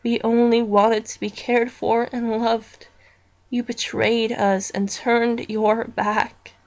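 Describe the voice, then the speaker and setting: Haunted female pet plush played by a woman, cold and accusing, drawn-out slow lines, slightly high voice. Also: flat delivery, a little mellow.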